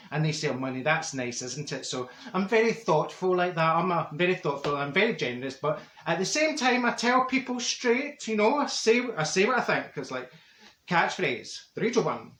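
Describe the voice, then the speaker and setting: A man's voice: on the high side, expressive, moderate pace, a bit bright, slight background noise. A man playing a chatty, self-satisfied middle-aged Glasgow woman with a broad Glaswegian accent, rambling through comic gossip in a roomy-sounding space. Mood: gossipy. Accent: Glaswegian Scottish. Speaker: comedy character vlogger. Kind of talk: character comedy monologue. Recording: roomy echo.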